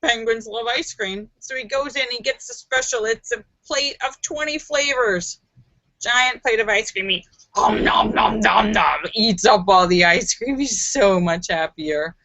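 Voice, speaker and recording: A woman's voice: on the high side, a little slow, fairly bright tone, no echo. A woman hosting a casual livestream, telling jokes playfully and slipping into silly voices. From Los Angeles based. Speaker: livestream host.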